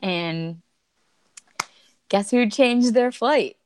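A woman's voice: on the high side, drawn-out words, darkish tone, smooth, dry recording. A woman in her thirties, a podcast guest, candidly and emotionally retelling a personal story with bursts of laughter.

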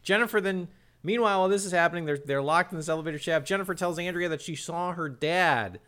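A man recapping a show's plot for a comedy podcast, animated and jokey, with frequent restarts. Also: sits high, quick pace. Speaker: podcast co-host recapping a show.

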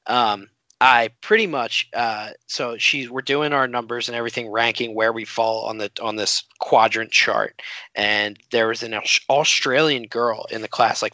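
Young guy cohost, bright punchy voice, dry close mic, slangy laughing storyteller. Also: medium pitch, no room sound. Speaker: podcast co-host. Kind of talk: casual chat.

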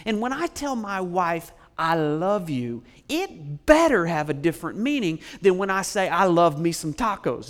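A man preaching to a congregation in church, swinging from hushed, drawn-out phrases to booming declarations and calling on listeners to respond. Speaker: pastor. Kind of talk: sermon.

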